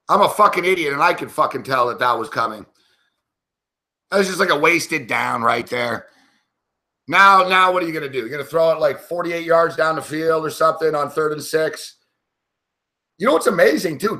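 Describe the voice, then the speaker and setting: A man's voice: on the high side, pushed and bright. Profane, frustrated man ranting at a game. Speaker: sports betting analyst. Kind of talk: live game reaction commentary.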